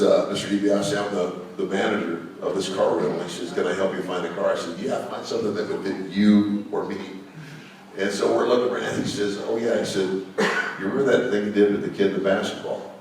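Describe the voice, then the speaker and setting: A man's voice: low-pitched, little pitch movement, a little fast, darkish tone, slight background noise. An older man telling anecdotes to a live audience, in a chatty storytelling way with many fillers. He is recorded from a distance in a large hall with an audience. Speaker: guest speaker. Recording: echoey hall, mic from far off.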